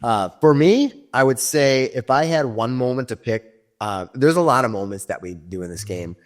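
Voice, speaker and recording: A man's voice: medium pitch, animated, moderate pace. A man, the game master, reminiscing about a tabletop game in a rambling way with many restarts.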